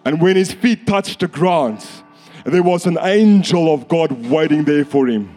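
A man preaching a sermon, fervent and repetitive, rising to shouts at times. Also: on the high side, unhurried, soft background music. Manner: fervent, builds to shouts, repeats phrases.

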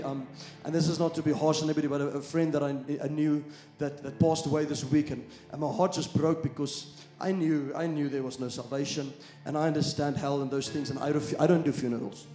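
A pastor delivers a sermon in a slightly high but mellow, warm voice. He moves between hushed storytelling and loud rallying calls to the congregation. The room rings with echo, and soft music plays underneath. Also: steady tone, fairly quick, hardly any pauses. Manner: swings from quiet storytelling to loud preaching, calls out to the crowd.

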